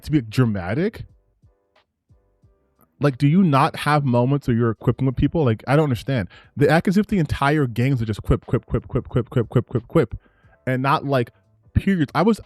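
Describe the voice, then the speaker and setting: A man giving casual commentary on gaming clips, ranting in an excited, rambling way with frequent restarts. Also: mid-range voice, no room sound, clean studio sound.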